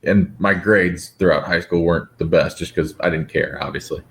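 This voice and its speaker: Man, wrestler guest, very deep voice, relaxed casual chat. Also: normal speed, vocal fry.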